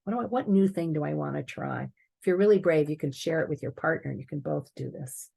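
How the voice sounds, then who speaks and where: A woman giving a prepared talk on stepfamily life, explaining earnestly and clearing her throat now and then. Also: deep voice, quick pace, warm tone.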